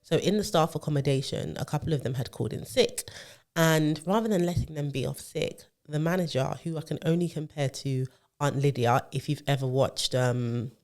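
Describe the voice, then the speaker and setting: A co-host, chatting casually on a podcast. The talk rambles through a long story, stacked with fillers and self-corrections, at an ordinary middle pitch. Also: moderate pace, darkish tone. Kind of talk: casual chat.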